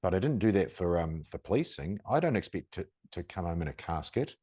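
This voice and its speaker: Podcast host guy with a really deep voice, chatty and rambling, dry sound. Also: very animated, brisk, dark tone, breathy edge, no room sound. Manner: conversational, complimentary, rambling. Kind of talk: casual interview talk.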